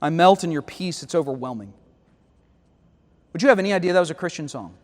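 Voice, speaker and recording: A man's voice: on the high side, animated, fast talker, big-room sound. A man leading a church Bible study, reading lyrics aloud and critiquing them with wry, sarcastic asides.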